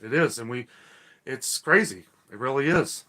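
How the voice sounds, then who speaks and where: Man hosting a live chat, folksy and chatty, with a bright, sharp tone. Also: medium pitch, expressive, moderate pace. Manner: folksy, ranting, reads viewer comments aloud. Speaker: host reading live chat. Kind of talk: casual live-stream chat.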